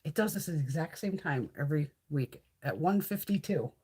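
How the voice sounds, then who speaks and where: A woman from the Northeastern US hosting a livestream, chatting casually in a blunt, profane, animated way. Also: sits low, brisk, husky. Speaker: livestream host.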